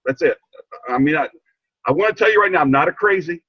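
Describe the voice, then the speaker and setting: A man's voice: on the high side, expressive, fast talker, slightly rough, dry recording, muffled recording. An older man sharing a heartfelt personal story on a video call, stumbling and repeating himself, getting choked up. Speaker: training participant. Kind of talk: emotional personal testimony.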